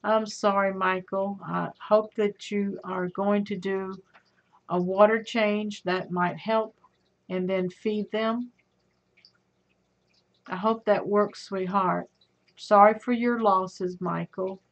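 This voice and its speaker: A middle-aged woman hosts a casual livestream, unhurried as she chats with viewers and reads out their comments. She calls them honey and sweetheart. The audio is dull and lo-fi. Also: mid-range voice, steady tone. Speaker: livestream host.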